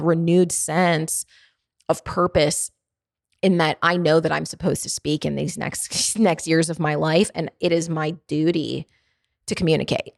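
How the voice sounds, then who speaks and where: A woman's voice: low-pitched, gravelly, no echo, clean studio sound. Earnest woman with a Baltimore accent. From Baltimore, USA. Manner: earnest, emphatic, repeats phrases for effect; stumbles and restarts, laughs between thoughts. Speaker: podcast host. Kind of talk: motivational faith-based monologue.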